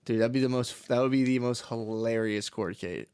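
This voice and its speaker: Male comedy podcast co-host, mid-pitch voice, rambling and profane, laughs easily. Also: normal speed, darkish tone, smooth. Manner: rambling, profane, laughs often, slips into mocking impressions. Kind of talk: casual comedic chat.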